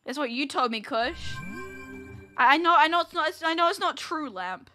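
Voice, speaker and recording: Kiwi girl streaming a game, high bright voice, teasing chat and giggling a lot. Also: expressive, normal speed, faint music behind. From New Zealand. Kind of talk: casual let's-play chat.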